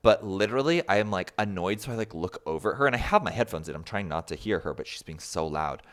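A man's voice: deep voice, fast talker. A man, a podcast guest on a remote call, telling a story in a casual, rambling way full of likes and you-knows. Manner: rambling, animated, filler-heavy with many likes and you-knows.

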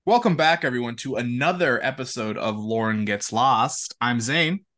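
A young man co-hosting a podcast, telling stories in a lively, laughing way. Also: medium pitch, normal speed. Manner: animated, laughing, quotes friends in voices. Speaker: podcast co-host. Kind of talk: casual chat, storytelling.

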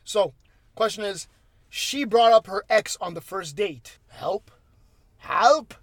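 A young man with a high-pitched voice hosts a casual podcast, telling crude stories in an animated way among friends. The sound is close and dry. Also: measured pace, dry recording. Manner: crude, animated storytelling with laughs. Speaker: podcast host.

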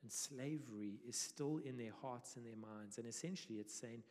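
A male pastor preaching a sermon in a conversational, animated way. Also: mid-range voice, moderate pace, few pauses. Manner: conversational, animated, self-deprecating. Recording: reverberant church hall.

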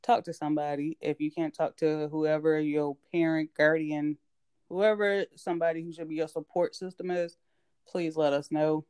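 A podcast co-host with a smooth, resonant voice at a middle pitch. The speech is relaxed and informal, full of "y'all" and plain appeals to listeners. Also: normal speed. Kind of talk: casual podcast chat.

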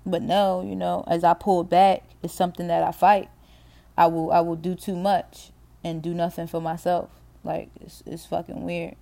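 A middle-aged woman talking alone on her podcast, her voice low and gravelly with a mellow, dark tone. She rambles in a loose, candid way, swears without care and laughs often as she thinks aloud. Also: little pitch movement, normal speed. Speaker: podcast host. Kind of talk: casual solo monologue.

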